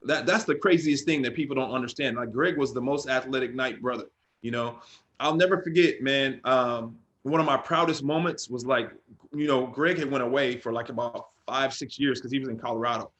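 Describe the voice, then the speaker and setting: A man who is a former football player, telling stories as an interview guest in a relaxed, animated way. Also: mid-range voice, a little fast. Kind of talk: casual storytelling.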